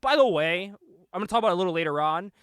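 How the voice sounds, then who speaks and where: A young man co-hosting a casual show, excitedly retelling a movie plot, laughing often, swearing and acting out the lines. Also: sits high, rapid-fire, smooth, dry recording, clean studio sound. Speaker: podcast co-host.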